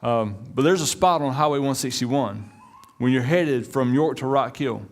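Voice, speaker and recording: A man's voice: medium pitch, normal speed. A man, preaching a sermon in a conversational, joking way and addressing the congregation as y'all. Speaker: pastor.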